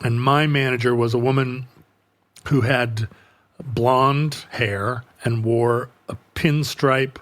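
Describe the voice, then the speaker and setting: Male podcast co-host, casual rambling storyteller, mid-pitched, loves doing little voices for others. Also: slow. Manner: rambling, animated voices for quoted people.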